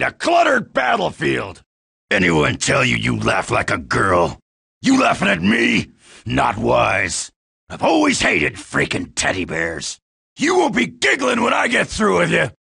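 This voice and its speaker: A loudmouthed American marine in a video game, all crude taunts and bravado. The voice is raspy and gravelly, with a bright, hard edge that cuts through. He is mostly shouting, in slow, deliberate bursts. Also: sits high, heavily acted. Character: brash loudmouthed American marine, middle-aged, cocky.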